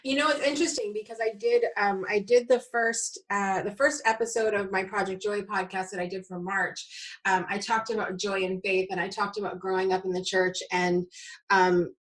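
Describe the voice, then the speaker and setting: A woman's voice: mid-range voice, steady tone, normal speed. A woman hosting a talk show, chatting casually with her guest, laughing often and saying "like" a lot. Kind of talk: casual interview chat.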